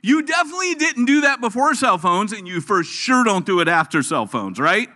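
A man's voice: high-pitched, brisk. A middle-aged man preaching a sermon in a church, telling jokes and stories as he goes. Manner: joking, storytelling, animated. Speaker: guest preacher.

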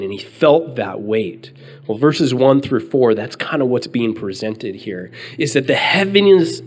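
A man in his thirties preaching earnestly, reading scripture slowly and telling a story about his children. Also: mid-range voice. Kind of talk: sermon with personal story.

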